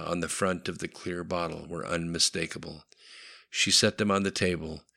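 A man narrating a novel audiobook in a steady, matter-of-fact way. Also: low voice, normal speed, creaky.

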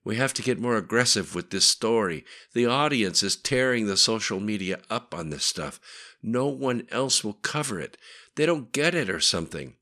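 A man's voice: lowish voice, animated, moderate pace, bright, forceful tone, voice pushed up. A man reading voicing an injured woman, raising his voice for her and speaking groggily. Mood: urgent.

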